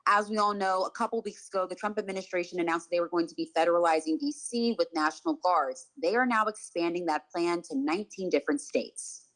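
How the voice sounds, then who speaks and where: A woman with a fairly low voice narrates a scripted news explainer. Her reading is steady and even, and she keeps a measured pace throughout. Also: poor audio.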